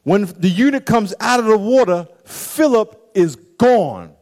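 Animated preacher acting out stories. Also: male voice, high-pitched, measured pace. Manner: animated, acts out stories and quotes. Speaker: pastor. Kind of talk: sermon.

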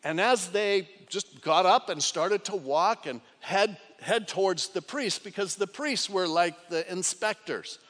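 High-voiced pastor preaching in a reverberant hall. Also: male voice, unhurried, hardly any pauses. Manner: dramatic, swings from loud cries to hushed lines. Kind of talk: sermon.

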